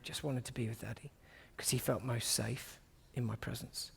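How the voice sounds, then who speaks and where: A man giving a sermon to a congregation, conversational and humorous, often dropping to soft, hushed tones. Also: mid-range voice, fairly even intonation, normal speed, gravelly, breathy edge, long reverb tail. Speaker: guest preacher. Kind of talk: sermon with personal stories.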